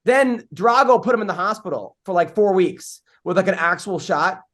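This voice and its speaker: A man's voice: sits high, lively intonation, normal speed, fairly bright tone. A man hosting a podcast, telling rambling stories in casual chat and swearing freely. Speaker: podcast host.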